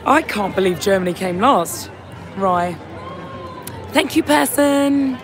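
Hoarse woman host, slow tired delivery, live on a phone in a busy crowd outside a venue. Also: medium pitch, animated, over music. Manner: tired, chatty, reads out viewer comments. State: hoarse, lost voice. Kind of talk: casual live-stream reaction chat. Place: outdoors on a city street outside a venue. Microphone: phone held at arm's length. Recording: crowd noise on a busy street.

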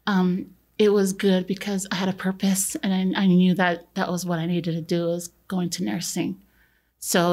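An earnest, easygoing woman in her forties tells her own story as a podcast guest. Her voice sits at a middle pitch, and she talks with relaxed fillers as she recounts her path into nursing. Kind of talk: conversational personal storytelling.

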